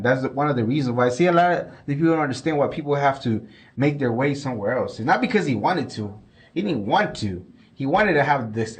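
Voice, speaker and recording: Man, podcast co-host, casual rambling chat, repeats himself. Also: mid-range voice. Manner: rambling, repeats himself, animated when quoting.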